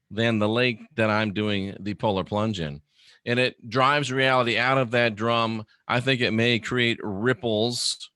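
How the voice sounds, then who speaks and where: A man's voice: medium pitch, fairly bright tone, no echo, clean studio sound. A man hosting a casual livestream, musing aloud and reading viewer comments. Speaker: livestream host.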